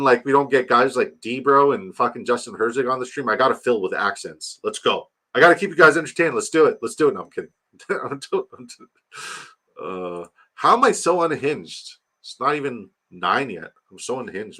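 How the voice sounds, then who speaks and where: A man's voice: medium pitch, animated, a little fast, few pauses, pushed and bright. A man live-streaming fantasy football, grading viewers' drafts in a loose, joking, sometimes profane way while rattling off lists of player names.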